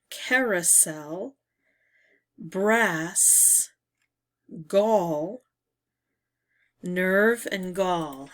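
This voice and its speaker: A woman hosting a word puzzle video, musing slowly as she reads the words aloud one by one. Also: mid-range voice, lively intonation. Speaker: word game video host. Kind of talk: casual puzzle talkthrough.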